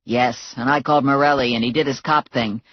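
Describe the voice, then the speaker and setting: A woman doing a calm, steady male security expert. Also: very deep voice, fairly quick, dry recording, highs cut off, pitched below the performer's own voice.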